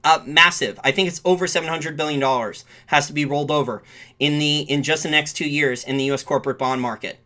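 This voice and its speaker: Bright-voiced man rambling on markets. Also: fairly high pitch, fairly even intonation, quick pace. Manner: rambling, restarts and corrects himself. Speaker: finance show host. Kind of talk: live-stream market commentary.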